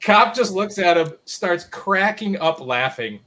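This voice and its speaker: A man's voice: high voice, expressive, a little slow, fairly bright tone. Easygoing man telling a rambling story. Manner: rambling anecdote with many fillers. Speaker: podcast host. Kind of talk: casual chat.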